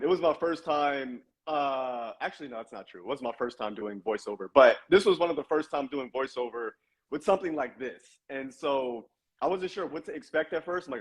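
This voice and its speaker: Husky male voice actor telling stories. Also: a little high, expressive, fairly quick. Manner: chatty anecdotes with frequent uh and man. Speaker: voice actor guest. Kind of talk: casual interview storytelling.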